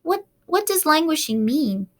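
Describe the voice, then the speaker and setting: A woman doing an eager innocent young pig. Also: a little slow. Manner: high-pitched, excited and earnest.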